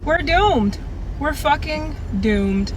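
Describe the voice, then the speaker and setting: A woman's voice: high-pitched, animated, very slow, noisy background. A woman ranting in a social media clip, exasperated and profane, recorded in a car. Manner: exasperated, profane, rising to a shout.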